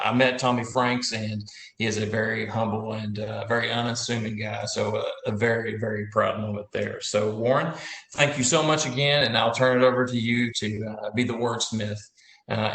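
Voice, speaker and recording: A host introduces the speaker in a low, flat voice, stopping often for "uh." The audio sounds roomy, like a video call from an echoey space. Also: male voice. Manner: halting, with many fillers. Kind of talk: hesitant introduction.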